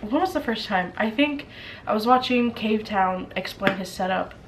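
A woman's voice: mid-range voice, normal speed, noisy background. A young woman vlogging casually at home, chatty and self-amused as she sets up and tests a new microphone. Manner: chatty, self-amused, talks to her mic setup. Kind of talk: casual vlog chat. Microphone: new condenser microphone.

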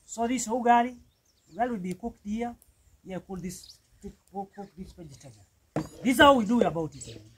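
A Kenyan man with a high voice chats through an outdoor cooking vlog, cooking over a wood fire in a village. Birds and animals sound faintly behind him, under a light hiss of outdoor noise. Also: expressive, fairly quick. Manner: chatty, repeats "man" often. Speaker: vlogger.

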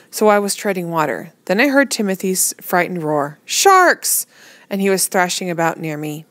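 A woman reading a novel aloud in a measured, plain storytelling manner. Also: lowish voice, dry recording. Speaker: reader.

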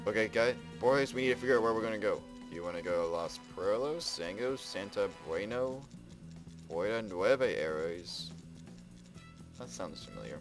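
Excitable low-voiced male gamer. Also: normal speed. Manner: excitable, exclaims and narrates his own actions. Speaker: let's play gamer. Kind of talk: casual game commentary. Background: game music.

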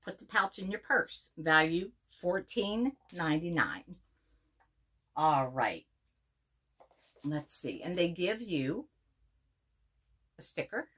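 A woman's voice: lowish voice, expressive, slow pace, long pauses, a bit bright, breathy edge. A middle-aged woman from Pennsylvania reviewing a subscription box in a casual unboxing video, gushing and repeating her words as she reads labels aloud.

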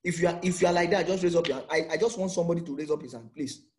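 A man's voice: a little high, very fast, darkish tone. A man with a Nigerian accent preaching an emphatic sermon as pastor, full of rhetorical questions.

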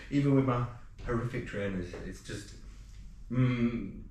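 A man's voice: medium pitch, slow pace, a little mellow, slight background noise. A British man casually vlogging his day, chatty and self-mocking, with playful sing-song asides. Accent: British English. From Britain. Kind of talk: casual vlog chat.

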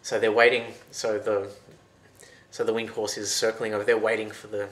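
A man retelling a folktale in a loose, lively, conversational way. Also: on the low side, normal speed. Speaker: storyteller. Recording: roomy echo.

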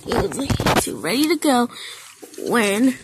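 A woman narrating an amateur toy-train story in a halting, stumbling way, full of slips and restarts. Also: a little high, sing-song, very noisy.

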